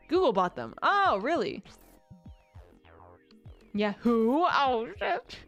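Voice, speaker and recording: A woman's voice: fairly high pitch, very animated, very slow, pauses often, a bit bright, faint music behind. A woman streamer chatting casually with her viewers, rambling and self-mocking and often breaking into laughter.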